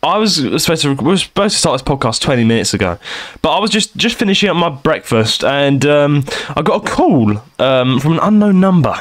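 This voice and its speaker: A young man co-hosting a podcast, telling a rambling, animated story and laughing often. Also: fairly high pitch, a little fast. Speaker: podcast co-host. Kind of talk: casual chat.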